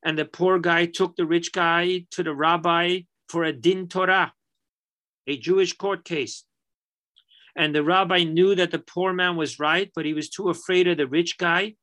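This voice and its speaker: Animated man teaching a Torah lesson. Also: fairly high pitch. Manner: animated, emphatic storyteller.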